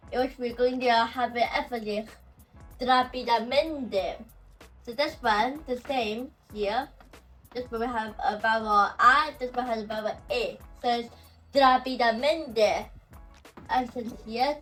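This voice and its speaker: A woman teaching language pronunciation, who talks slowly and says example words over and over. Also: on the high side, fairly bright tone, recorded from a distance, rough recording. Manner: slow and repetitive, saying example words over and over. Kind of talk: explaining pronunciation.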